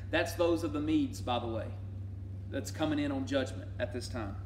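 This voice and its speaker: A man teaching a sermon-style Bible study. He talks emphatically, swinging between loud declarations and hushed asides. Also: medium pitch, normal speed, a little hiss or hum. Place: church sanctuary. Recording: echoey church room from far off.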